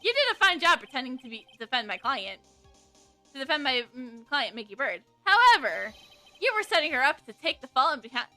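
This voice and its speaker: A woman voicing a flustered young male defense lawyer in a video game, excitable and shouting his claims. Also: sits high, brisk, no room sound, faint music behind, heavily acted. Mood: excited.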